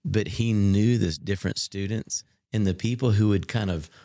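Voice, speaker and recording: A man co-hosting a podcast, speaking earnestly and warmly about people he admires. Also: on the low side, normal speed, dry recording, studio quality. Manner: earnest, heartfelt storytelling. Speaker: podcast co-host. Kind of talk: casual podcast chat.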